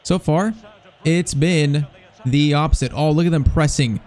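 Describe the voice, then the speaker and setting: A young man giving live, excitable commentary over a football video game, reacting nervously and shouting at big chances. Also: on the high side, measured pace. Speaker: gaming YouTuber.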